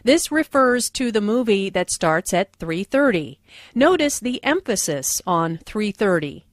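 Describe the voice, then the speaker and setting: Slow, carefully enunciating woman teacher. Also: medium pitch, big pitch swings, no echo. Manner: slow, deliberate, clearly enunciated. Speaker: lesson narrator and dialogue reader. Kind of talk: scripted language-lesson narration.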